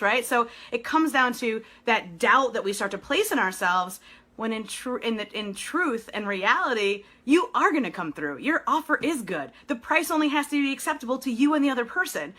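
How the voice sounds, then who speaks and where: Bright, animated woman business coach. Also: high-pitched. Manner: animated and encouraging, with quick laughs. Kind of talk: live video coaching talk.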